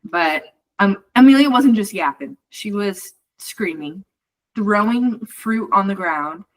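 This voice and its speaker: A woman's voice: mid-range voice, expressive, slow pace, low-quality recording. A young woman co-hosting a podcast, telling stories in a rambling, casual way with lots of fillers. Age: young adult. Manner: rambling storytelling with many fillers. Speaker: podcast co-host. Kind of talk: casual chat.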